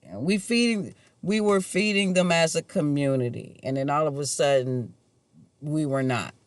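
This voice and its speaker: A man's voice: fairly high pitch, moderate pace, no echo. A man talking to camera in a rambling personal monologue, casual and musing, chuckling to himself now and then. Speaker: vlogger.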